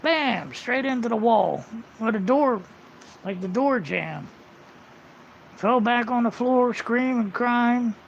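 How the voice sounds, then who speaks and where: A man's voice: extremely high pitch, lively intonation, slow pace, gravelly, long pauses, a little hiss or hum. A man livestreaming a casual, rambling monologue, blunt and full of swearing, on muffled lo-fi audio.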